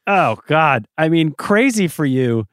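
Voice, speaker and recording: A man's voice: fairly high pitch, big pitch swings, slow pace. A man co-hosting a podcast in casual chat, opinionated and sarcastic. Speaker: podcast co-host.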